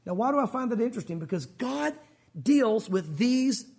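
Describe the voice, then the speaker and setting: A man's voice: very high-pitched, expressive, normal speed, gravelly, darkish tone, breathy edge. A male pastor preaching a sermon at a church service, earnest and emphatic, often asking his listeners rhetorical questions.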